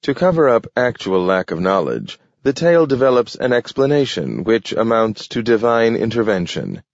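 A man narrating an audiobook in a measured, deliberate reading. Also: medium pitch, very animated, no echo. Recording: dull lo-fi recording.

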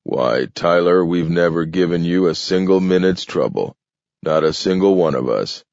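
A man doing a sly, self-assured mutant who drawls mildly and mocks under his breath. The voice sits very deep and low-key. The read is dry and somewhat dull in tone. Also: expressive, normal speed, darkish tone, dry recording. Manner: mild, easygoing and mocking. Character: sly, amused male mutant, self-sufficient. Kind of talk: audiobook character voice.

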